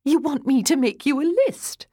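A woman's voice: mid-range voice, very animated, unhurried, a little mellow, husky, no echo, studio quality, exaggerated voice. A woman reading as a teasing older sister who mocks her brother between bursts of laughter. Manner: mocking, hooting with laughter.

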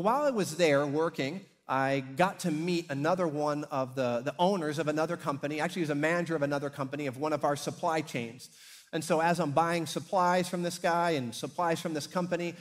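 A middle-aged pastor tells stories from the pulpit in a fairly high, bright-edged man's voice. He acts out his characters with energy and raises his voice at the big moments. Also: a little fast. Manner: animated storyteller, acting out characters and shouting at climaxes. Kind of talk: sermon with storytelling. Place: church hall.

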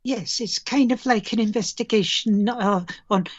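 A woman at mid pitch playing in a tabletop game. She speaks hesitantly, searching for her words, on a dull, lo-fi recording. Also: moderate pace. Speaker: player. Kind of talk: casual play chat.

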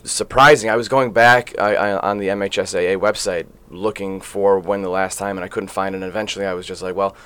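A man in his late thirties with a somewhat low voice hosts a casual sports podcast from the studio. He talks in a loose, rambling way and fills his sentences with filler sounds. He sounds at ease as he chats with his guests. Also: fairly even intonation, brisk, hardly any pauses, a bit bright, clean tone. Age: late 30s. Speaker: podcast host.

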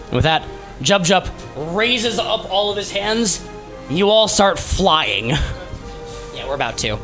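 A man's voice: sits high, expressive, slow pace, fairly bright tone, faint music behind. A man narrating as game master in a dramatic storytelling manner.

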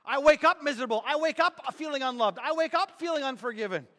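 A male preacher with a very high-pitched voice drives each point home with emphatic repetition. His energetic sermon rings through a church hall. A long reverb trails behind his words. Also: fast talker. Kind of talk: sermon with object lesson.

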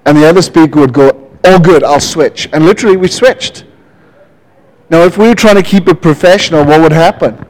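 A man preaching a lively sermon, telling stories and calling out to the congregation. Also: fairly high pitch, fairly quick, rough recording. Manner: lively, animated preaching with storytelling. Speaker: pastor.

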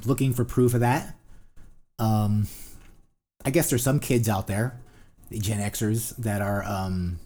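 A husky-voiced man in his forties with a New Jersey accent rambles through a casual podcast chat. His pitch swings widely as he rants, and he swears freely. Fillers and restarts pile up in his talk. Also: mellow. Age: 40s. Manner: rambling, profane, ranting with many fillers. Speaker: podcast co-host. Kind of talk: casual banter.

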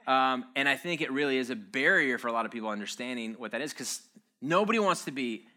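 A man's voice: mid-range voice, expressive, quick pace, pushed and bright. A man giving a casual, joking sermon-style talk, conversational and wry, with frequent "um"s and "uh"s.

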